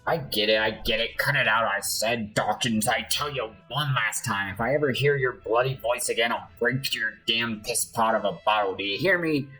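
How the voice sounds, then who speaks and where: A man doing a gruff drunken old sailor. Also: medium pitch, moderate pace, few pauses, bright, forceful tone, faint music behind, natural voice, poor audio. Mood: angry.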